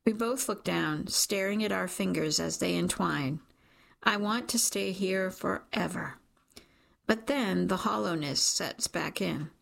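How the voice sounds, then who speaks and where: A woman's voice: on the low side, a little slow, gravelly, a bit bright. A woman narrating a first-person story in an intimate, emotional reading style. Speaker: audiobook narrator.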